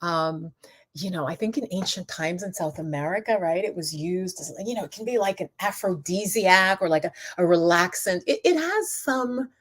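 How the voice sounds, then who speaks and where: A woman's voice: on the low side, fairly bright tone. A middle-aged woman hosting a casual live stream, chatting with viewers, reading out their comments by name and laughing often. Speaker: yoga and mindfulness channel host. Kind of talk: casual livestream talk reading chat comments.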